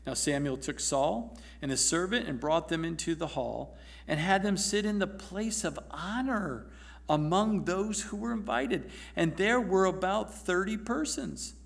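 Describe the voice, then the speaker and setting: High-voiced animated man preaching. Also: measured pace, vocal fry. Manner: animated, laughing, acting out scripture voices. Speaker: pastor. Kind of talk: sermon.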